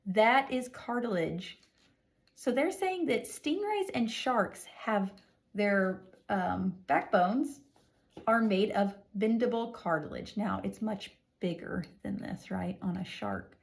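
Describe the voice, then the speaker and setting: A woman teacher reads a lesson aloud to young children in an expressive, sing-song way with exaggerated emphasis. Her voice is medium-pitched, slow, and creaky.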